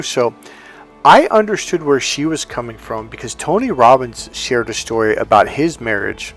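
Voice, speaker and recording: A life coach telling a personal story in a blunt, emphatic way, with casual cursing. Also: male voice, mid-range voice, expressive, normal speed, faint music behind. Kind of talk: storytelling monologue.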